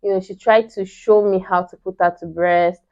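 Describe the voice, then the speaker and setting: Young woman, chatty vlog storyteller, mid pitch, slightly dull lo-fi recording. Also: steady tone, moderate pace, a little mellow, clear, resonant tone. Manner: chatty, many fillers like "you know". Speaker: vlogger. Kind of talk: casual storytelling.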